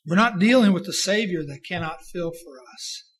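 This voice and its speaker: A man preaching a sermon with impassioned delivery, rising to loud emphasis and dropping to a hushed quiet. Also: high-pitched, moderate pace, husky, poor audio.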